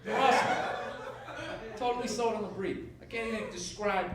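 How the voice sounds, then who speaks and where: A man doing a stand-up comedy set, ranting and profane, swinging from low grumbles to shouted outrage. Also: brisk. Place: comedy club stage with audience laughter. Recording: echoey live stage recording from a distance, loud noise.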